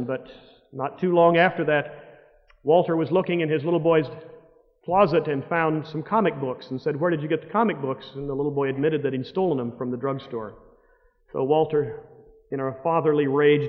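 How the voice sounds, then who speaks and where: A man preaching in a fairly high voice, telling a story with big swings from loud outbursts to hushed words. The sound is dull and lo-fi, with long reverb from a large hall. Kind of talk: sermon.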